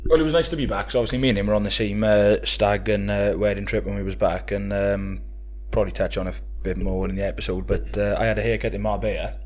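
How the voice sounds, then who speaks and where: A man's voice: lowish voice, steady tone, fast talker, few pauses, darkish tone. A man co-hosting a podcast in casual chat, laddish, swearing freely and laughing often. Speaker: podcast co-host.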